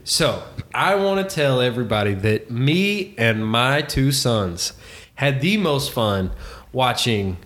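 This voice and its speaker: Middle-aged male co-host, chatty and animated, casual swearing. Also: mid-range voice, slow pace, few pauses. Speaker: podcast co-host. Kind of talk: casual chat.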